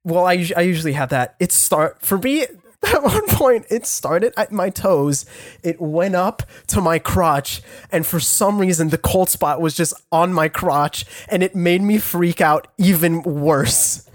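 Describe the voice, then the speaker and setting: A young man with a French Canadian accent telling a story in casual chat, rambling and laughing with many halting restarts. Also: high voice, animated, dry recording, studio quality. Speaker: podcast co-host.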